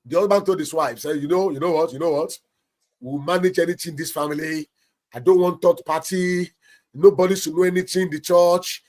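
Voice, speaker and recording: A man's voice: a little high, steady tone, fairly quick, a little mellow. A man with a Nigerian accent, a pastor and marriage counselor giving emphatic marriage advice on a talk show. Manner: emphatic, preacherly, acts out little anecdotes.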